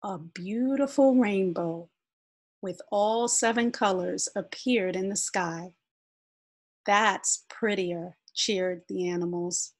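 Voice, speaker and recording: A woman reading a children's picture book aloud in a gentle, expressive way. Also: medium pitch, slow pace. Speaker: storyteller.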